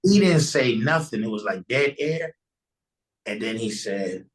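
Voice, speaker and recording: A man's voice: medium pitch, expressive, fairly quick, poor audio. A man guesting on a podcast, earnestly telling a personal testimony in a loose, conversational way and often restarting his sentences.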